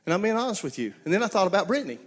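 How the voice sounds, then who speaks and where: A man's voice: high-pitched, big pitch swings, very fast. A man preaching a sermon, folksy storytelling with call-and-response to his congregation. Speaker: pastor.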